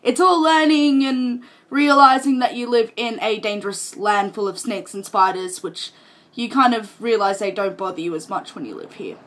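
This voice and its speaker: A young Australian woman vlogger chats casually to camera in an Australian accent, rambling and laughing at herself. Her voice is on the high side and a bit bright, at a moderate pace.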